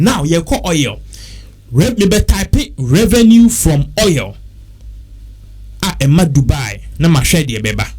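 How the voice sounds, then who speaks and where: A man's voice: fairly high pitch, a little mellow. A man with a Ghanaian accent, talking casually and repetitively, working through figures aloud. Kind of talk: casual talk mixing English and Twi.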